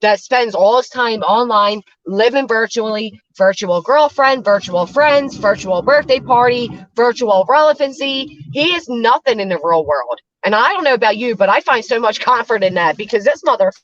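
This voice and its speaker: A woman's voice: fairly high pitch, expressive, normal speed, hardly any pauses, no room sound, highs cut off. Profane, ranting woman commentator. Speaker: commentary channel host. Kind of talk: angry drama commentary.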